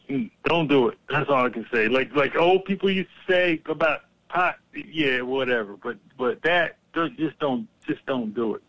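A man co-hosting a casual talk show, rambling in halting bursts full of restarts. His pitch swings widely as he talks. The sound is dry and close. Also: a bit bright, no room sound, low-quality recording. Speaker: co-host. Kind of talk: casual chat.

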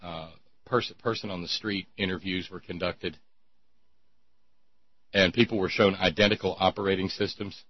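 A man's voice: low-pitched, fairly even intonation, normal speed, long pauses, slightly rough, dry recording, highs cut off. A man hosting a talk show, chatting in a rambling, sardonic way with many restarts. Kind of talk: casual call-in show banter.

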